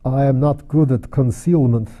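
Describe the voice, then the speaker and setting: Sulky foreign anarchist man, read by a narrator, gloomy, very dark mellow tone, audiobook. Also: medium pitch, steady tone, normal speed, close to an everyday voice.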